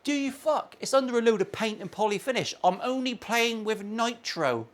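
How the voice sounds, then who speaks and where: A man's voice: extremely high pitch, lively intonation, normal speed. A man, a guitar maker and channel host, ranting bluntly and profanely in a casual opinion vlog from his workshop.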